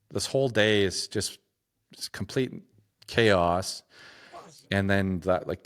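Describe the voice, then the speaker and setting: A man with a notably deep, low voice, speaking as a podcast guest. He tells a personal story in a halting, reflective way, restarting phrases and leaning on "like" as he goes. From Saskatchewan, Canada.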